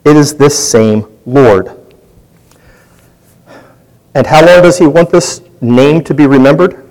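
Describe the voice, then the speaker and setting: A man's voice: on the high side, lively intonation, slow pace, darkish tone, low-quality recording. Man leading a chatty Bible study. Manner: conversational, poses questions to the group. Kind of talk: interactive Bible teaching.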